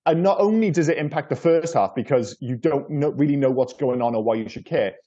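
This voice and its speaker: A man's voice: medium pitch, expressive, fairly quick, mellow, highs cut off. A man co-hosting a casual film review podcast, rambling and repeating words as he talks, with casual swearing. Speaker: podcast co-host.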